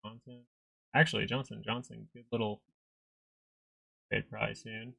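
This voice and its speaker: A man's voice: lowish voice, level tone, measured pace, creaky, pushed and bright, dry recording. A young man hosting a live stock market stream, chatting casually and reading viewer comments aloud. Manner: chatty, rambling, reads chat aloud. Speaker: stock market livestream host.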